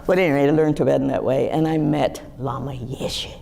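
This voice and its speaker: Gravelly low-voiced woman in her 60s. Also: brisk. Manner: lively, animated storytelling with wide pitch swings. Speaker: guest speaker. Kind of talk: storytelling talk to a live audience.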